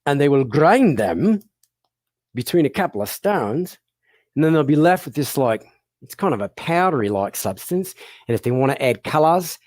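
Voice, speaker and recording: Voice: medium pitch, sing-song, moderate pace, darkish tone, dry recording. A performer presenting an educational show for children, playful and encouraging, often laughing and asking the audience questions. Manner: addresses the audience directly with questions.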